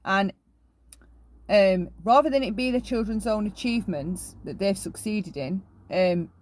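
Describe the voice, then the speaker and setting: A woman's voice: mid-range voice, a little slow, darkish tone, slight background noise. A woman hosting an opinion commentary, talking emphatically and often tagging her points with a question. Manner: emphatic, keeps asking "right?". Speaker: commentary channel host.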